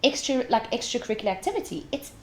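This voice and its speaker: In a casual interview, a female hospitality guest tells animated stories at a very fast clip, her voice fairly high. She swears freely and acts out what other people said.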